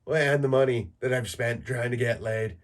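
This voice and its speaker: A man's voice: mid-range voice, normal speed. A man in his thirties hosting a solo podcast, talking in a crude, rambling, joking way full of fillers. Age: 30s. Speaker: podcast host. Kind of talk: solo casual monologue.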